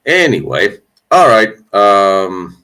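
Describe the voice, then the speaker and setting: A man's voice: fairly low pitch, very animated, takes it slowly, bright, forceful tone. A man hosting a live stream Q&A on battlefield history, talking candidly and rambling, with sarcastic asides and frequent restarts. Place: indoors, traveling on location.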